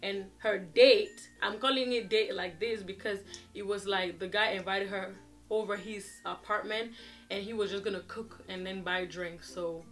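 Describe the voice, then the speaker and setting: Twenties woman vlogging a storytime, chatty and animated, middle pitch, soft music behind. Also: moderate pace. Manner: animated, chatty, acts out quoted dialogue. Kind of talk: casual storytime chat to camera.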